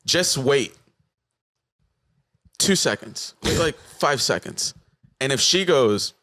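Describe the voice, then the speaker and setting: A man from South Florida, a comedian guest on a podcast, telling stories in an animated way and acting out bits of dialogue. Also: mid-range voice, a little slow, long pauses. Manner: animated storyteller, acts out dialogue. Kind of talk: casual podcast chat.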